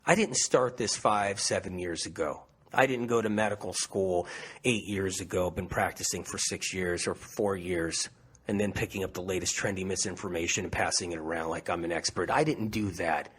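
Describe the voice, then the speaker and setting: A man's voice: medium pitch, animated, brisk, fairly bright tone, husky. A man presenting a health webinar, talking emphatically and repeating himself to press his points home. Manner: emphatic, repetitive, pleading. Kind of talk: impassioned webinar talk.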